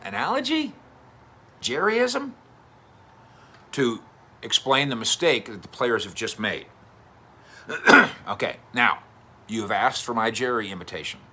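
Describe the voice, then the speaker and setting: Bright-voiced, chatty male sports columnist. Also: medium pitch, unhurried, long pauses, slight background noise. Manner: chatty, animated storytelling with fillers. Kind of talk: casual commentary to camera.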